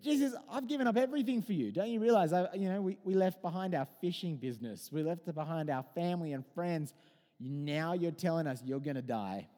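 A preacher putting on an exasperated pleading disciple. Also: male voice, on the high side, expressive, warm tone, in a large hall, close to an everyday voice. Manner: agitated, rapid questioning. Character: exasperated male disciple pleading with his teacher.

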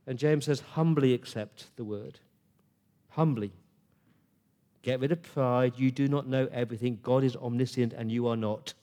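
A man preaching a sermon in an earnest, conversational way, pausing and restarting as he talks to his congregation. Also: mid-range voice, fairly even intonation, dark tone.

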